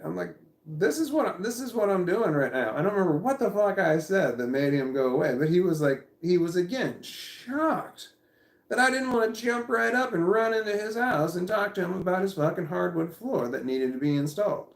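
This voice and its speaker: A man's voice: high-pitched, lively intonation, brisk, vocal fry, echoey room. A man telling a casual story to the camera. He rambles, repeats himself and swears often. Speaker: vlogger.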